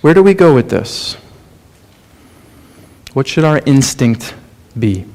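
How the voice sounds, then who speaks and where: A man preaching a sermon, earnest and questioning, often dropping to a soft, low delivery for emphasis. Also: very animated, slow pace.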